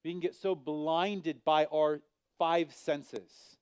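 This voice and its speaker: A man preaching a sermon as pastor, animated and acting out the voices of biblical figures with big swings in pitch and loudness. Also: slow pace, smooth, no echo.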